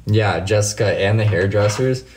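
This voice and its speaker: A man with a deep, low-pitched voice chats with his viewers on a late-night live stream. He swears freely and drifts through laid-back stories, answering comments by name as he goes. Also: normal speed, a little mellow, a little hiss or hum. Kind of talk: casual live stream chat.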